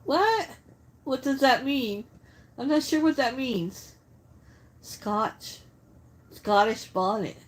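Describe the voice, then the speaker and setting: High-voiced woman chatting on a livestream. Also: expressive, slow pace, pauses often. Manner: chatty, reads viewer comments aloud and answers them. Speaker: livestream host. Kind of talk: casual live-stream chat while cooking.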